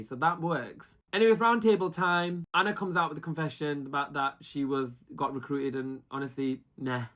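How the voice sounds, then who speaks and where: A reality TV reviewer chatting casually with plenty of gossip and attitude. The delivery is animated, and it regularly breaks into high mimicked voices when quoting the contestants. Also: normal speed, few pauses. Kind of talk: casual commentary with mimicked quotes.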